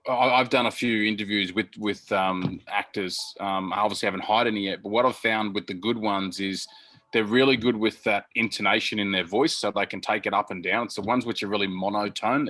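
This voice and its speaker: Bright, lowish man chiming in. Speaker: course member chiming in. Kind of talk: casual Q&A chat. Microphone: video call.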